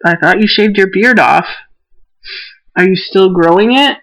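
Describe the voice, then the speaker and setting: Woman cohost, blunt and teasing, mid-pitched casual chat. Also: fairly bright tone, low-quality recording. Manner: blunt, teasing, quick to joke. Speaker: podcast co-host.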